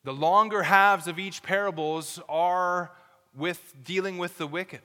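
A man's voice: sits high, fairly even intonation, unhurried, bright, forceful tone, smooth. A male pastor preaching a sermon, reading scripture aloud and giving earnest, urgent warnings. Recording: long hall reverb.

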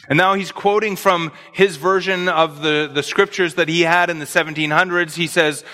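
A man's voice: on the high side, fairly even intonation, moderate pace, pushed and bright, long reverb tail. A man preaching an expository sermon, earnestly explaining scripture verse by verse.

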